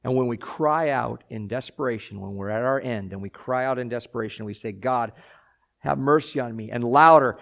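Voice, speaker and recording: A man preaching as a pastor, closing his sermon with a prayer, moving from quiet pleading to loud, urgent calls. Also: mid-range voice, a little fast, vocal fry.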